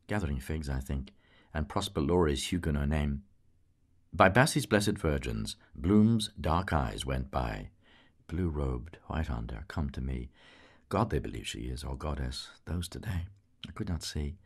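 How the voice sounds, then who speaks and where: A man's voice: a bass voice, vocal fry, slightly rough. A man narrating a literary audiobook in a lyrical, musical way. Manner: lyrical, musical reading with voiced characters.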